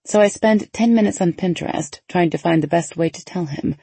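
A woman narrating a first-person novel in a lively, conversational inner-monologue manner. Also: on the low side, fairly quick, creaky, slightly rough, dry recording. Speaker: audiobook narrator.

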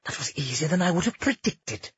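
A man voicing a menacing escaped criminal who growls and sneers, with a husky voice. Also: fairly high pitch, sing-song, fairly quick, highs cut off, voice pushed up, heavily acted. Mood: mocking.

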